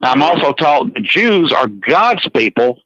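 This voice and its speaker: A man's voice: medium pitch, sing-song, unhurried, sharp tone, breathy edge, dry recording. A man with a Georgia accent talking earnestly and rambling a little, repeating words as he chats on a radio show. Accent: Georgia, US South. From Georgia, USA. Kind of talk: casual chat on a radio show. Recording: dull, dry radio sound.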